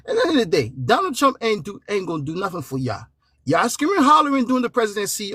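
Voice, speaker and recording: A man's voice: high-pitched, huge pitch swings, quick pace, bright, forceful tone, husky, dry recording, studio quality. A man on a live debate panel, arguing emphatically and mocking his opponent, laughing between jabs. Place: at home.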